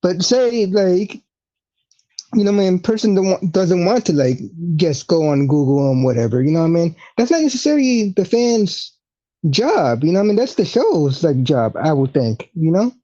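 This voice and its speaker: Podcast co-host, mellow tone, hesitant chatty delivery, muffled lo-fi recording. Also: mid-range voice, big pitch swings, moderate pace. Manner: hesitant, filler-laden agreement. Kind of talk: casual chat.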